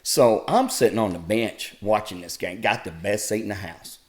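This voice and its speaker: A middle-aged man, a podcast guest, telling old school sports stories in a folksy, animated way. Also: on the low side, normal speed. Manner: folksy, animated retelling with laughs. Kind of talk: casual storytelling.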